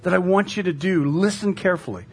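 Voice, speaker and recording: A man voicing God as a calm, patient, quiet presence speaking to a man in trouble. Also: sits high, fast, breathy edge.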